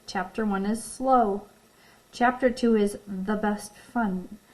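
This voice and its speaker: A woman teacher reading a picture book aloud in a recorded lesson. She reads expressively, stops to ask questions and tells the children when to pause. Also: medium pitch, steady tone, a little mellow, low-quality recording. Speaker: elementary school teacher.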